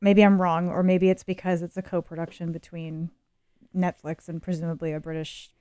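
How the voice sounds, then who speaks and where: A woman's voice: on the low side, level tone, normal speed, warm tone, dry recording. A woman co-hosting a casual radio talk show, trading dry, wry quips. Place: radio studio.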